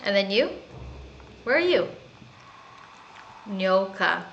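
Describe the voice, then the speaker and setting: A woman streaming a video game, talking in a bright, crisp voice. She is chatty and giggly, teasing herself and the game, over a faint hum. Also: mid-range voice, big pitch swings, slow pace, muffled recording. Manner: chatty, giggly, self-mocking. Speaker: gaming streamer. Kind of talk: casual gameplay commentary.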